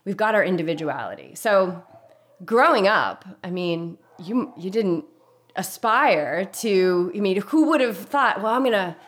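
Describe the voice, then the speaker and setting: Enthusiastic woman hosting an interview. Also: mid-range voice. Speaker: podcast host. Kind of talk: casual interview.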